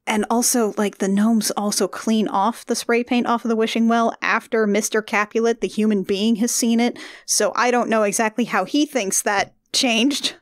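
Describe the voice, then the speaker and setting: A woman's voice: a little high, steady tone, normal speed, hardly any pauses, no room sound, clean studio sound. Rambling woman recapping a movie. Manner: rambling, flustered, laughing asides. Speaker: podcast co-host. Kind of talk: casual movie recap chat.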